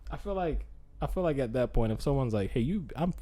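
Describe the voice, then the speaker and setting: A young man co-hosts a loose podcast chat with a soft, mellow tone. He rambles, laughs easily and slips into goofy voices to act out stories. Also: mid-range voice, expressive, fast. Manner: rambling, giggly, acts out silly quoted voices. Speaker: podcast co-host. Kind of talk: casual chat.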